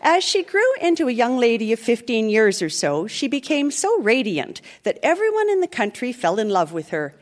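A woman's voice: on the high side, big pitch swings, moderate pace, hardly any pauses. Theatrical woman reading a comic tale. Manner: theatrical, mock-solemn storytelling. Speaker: podcast host reading aloud. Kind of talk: live comic dramatic reading. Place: theatre stage, live show.

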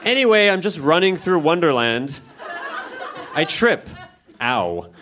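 Man reading a story, animated. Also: high voice, a little slow, background noise. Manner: animated, playful. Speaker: reader.

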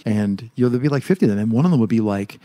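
Man, podcast host, casual team talk, low pitch, dry close sound, animated. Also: rapid-fire, no room sound. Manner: animated, restarts often, self-described process freak.

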